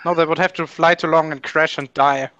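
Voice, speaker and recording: Bright-voiced chatty man hosting a call. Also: on the high side, lo-fi sound, slight background noise. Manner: laughs often, quick and chatty. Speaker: hangout host. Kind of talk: casual online group chat. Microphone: computer mic on a video call.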